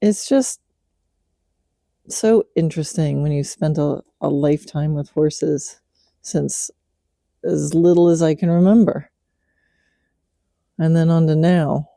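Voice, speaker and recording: Outdoors at night, a middle-aged woman who hosts a podcast and trains horses talks slowly and gently while working her horse, praising and coaxing it in a soft, relaxed way. Her voice is deep and dark with vocal fry, recorded dry and close-up. It's a casual spoken reflection.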